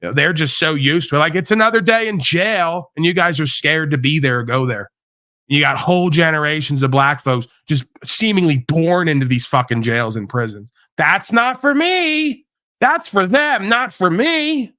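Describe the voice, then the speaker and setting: Man host, high and bright, dry close sound, preachy profane rant. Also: a little fast, dry recording. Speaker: livestream host. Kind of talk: ranting monologue.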